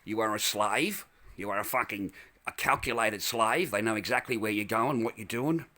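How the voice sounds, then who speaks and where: An Australian man in a parked car ranting into the camera. His voice is bright and forceful, and he swears constantly and repeats himself as he vents. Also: fairly low pitch, normal speed, no room sound. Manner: angry, profane, repetitive ranting. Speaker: vlogger. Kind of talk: angry ranting vlog.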